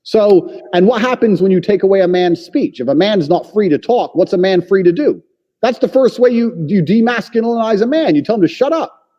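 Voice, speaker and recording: Blunt, forceful man with a lively voice. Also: high voice, a little fast. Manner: forceful, profane, lectures with emphatic claims. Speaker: podcast guest. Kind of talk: blunt opinionated conversation. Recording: long reverb, dull lo-fi sound.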